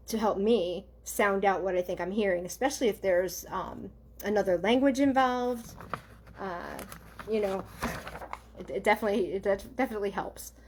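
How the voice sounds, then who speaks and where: A woman working as a psychic medium, doing a live online reading for viewers in a gentle, halting way, with many ums and okays. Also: medium pitch, slight background noise.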